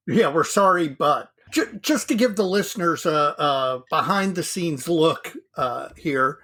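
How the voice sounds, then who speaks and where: A man's voice: on the high side, expressive, unhurried, a bit bright. A man co-hosting a casual hobby podcast, chatting in an easygoing, self-deprecating way. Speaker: podcast co-host.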